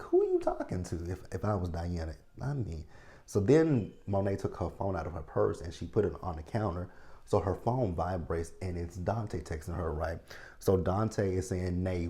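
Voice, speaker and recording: A man's voice: sits low, vocal fry, dark tone. A man in his thirties recapping and reviewing a TV episode in casual talk, blunt and profane, often checking in with his viewers. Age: 30s. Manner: blunt, profane, ranting commentary; talks straight to viewers, checking in with "right?".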